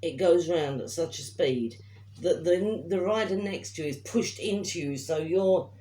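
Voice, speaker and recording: A woman's voice: lowish voice, a little slow, warm tone, low-quality recording. An older woman in casual chat, dry and matter-of-fact.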